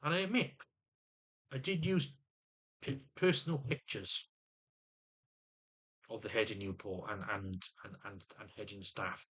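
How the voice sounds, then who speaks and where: A man's voice: fairly low pitch, a little slow, pauses often, fairly bright tone, slightly rough. A middle-aged man in an agitated personal rant to camera, often stumbling and repeating words as he vents. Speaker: vlogger.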